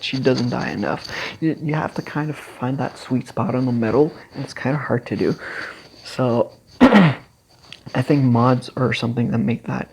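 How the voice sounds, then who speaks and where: Slow, gravelly, husky guide voice. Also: mid-range voice, a little mellow, low-quality recording. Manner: halting, with many fillers and restarts. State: clearing throat, voice catching. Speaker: game guide creator. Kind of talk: casual spoken game strategy guide.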